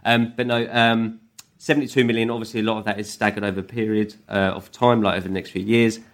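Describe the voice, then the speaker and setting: A man's voice: lowish voice, flat delivery, fast. A man co-hosting a casual football podcast, easygoing and rambling, with a lot of ums and the odd swear. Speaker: podcast co-host.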